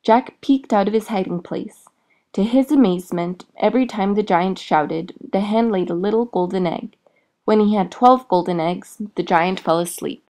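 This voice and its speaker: A woman reading a fairy tale aloud in a clear, expressive storytelling manner. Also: medium pitch, normal speed.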